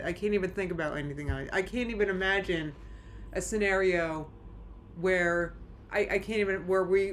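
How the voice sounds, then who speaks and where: A woman's voice: fairly low pitch, fairly bright tone, slight background noise. A woman streaming from home, chatting casually with her live chat in a rambling, anxious way, full of restarts. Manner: rambling, anxious, many restarts and nervous laughs.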